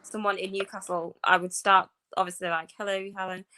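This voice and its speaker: Bright-voiced woman with a softened Northeast English accent. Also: lowish voice, a little fast. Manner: chatty, animated storytelling. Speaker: podcast co-host. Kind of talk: casual chat.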